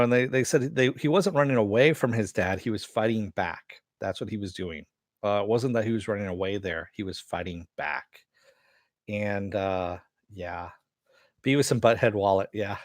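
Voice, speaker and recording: A man's voice: lowish voice, no room sound, studio quality. A man giving a rambling, casual spoken recap of a TV episode, full of "uh" and "you know" and offhand swearing. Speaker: TV episode reviewer.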